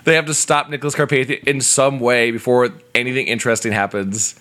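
Rambling man with a bright voice. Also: medium pitch, steady tone, fairly quick. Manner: rambling storyteller with many fillers and restarts. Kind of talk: casual comedic chat.

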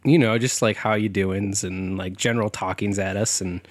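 A man's voice: on the low side, steady tone, normal speed, no echo. A young man co-hosting a comedy podcast in casual chat, loose and joking, laughing often, his voice slightly sick. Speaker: podcast co-host.

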